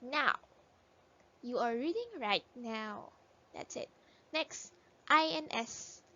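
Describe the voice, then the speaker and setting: Woman doing a kids phonics lesson, sounds out each letter, super slow, muffled lo-fi audio. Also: fairly high pitch, expressive, sharp tone. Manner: slow, sounds out letters and repeats words for children to echo. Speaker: teacher. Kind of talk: phonics lesson for young children. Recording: dull lo-fi recording.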